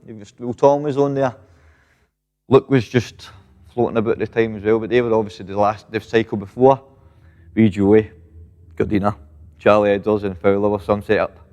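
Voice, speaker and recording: A Scottish man in his thirties, a professional boxer appearing as a guest, chats casually in an interview, swearing freely and padding his lines with "mate" and "know what I mean." His voice sits lowish with a darkish tone and fairly even intonation, at a moderate pace with frequent pauses. The recording carries a long reverb.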